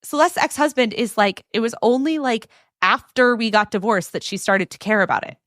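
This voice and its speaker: A woman hosting a podcast, recounting a story in a loose, animated way with plenty of "like" fillers. Her voice sits fairly high, and the recording is dry and close with no room sound. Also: fairly quick, no room sound. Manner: animated retelling with many "like" fillers. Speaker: podcast host telling a story. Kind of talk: casual storytelling chat.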